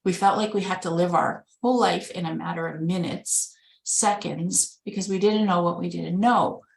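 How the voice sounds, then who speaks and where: Over a video call in a webinar, a Winnipeg, Manitoba caregiver and organ donation advocate recounts her own experience in an earnest, conversational way, acting out remembered exchanges. Her voice is on the low side with fairly even intonation, moderate pace, and vocal fry; the room is echoey.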